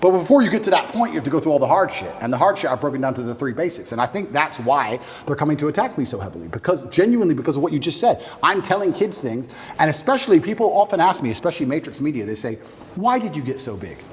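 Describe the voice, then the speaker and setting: A man in his thirties being interviewed, talking forcefully and firing off rhetorical questions. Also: fairly high pitch, sing-song, racing, slight background noise. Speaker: interview guest. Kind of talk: emphatic interview talk. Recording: room with long reverb.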